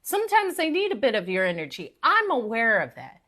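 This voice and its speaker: Animated high-voiced woman, live-stream pep talk. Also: brisk. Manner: animated, preachy and playful, talks to viewers directly. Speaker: motivational speaker and live-stream host.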